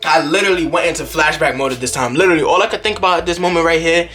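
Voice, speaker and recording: A young man vlogger telling an animated storytime, jumping into other people's voices as he goes. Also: fairly high pitch, racing, faint music behind.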